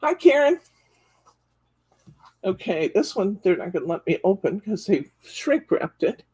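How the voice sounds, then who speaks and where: A woman's voice: lowish voice, animated, moderate pace, dark tone, slightly rough. A woman hosting a live craft store show-and-tell, enthusiastically describing card stock packs and counting sheets aloud as she flips through them. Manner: enthusiastic, gushing over products.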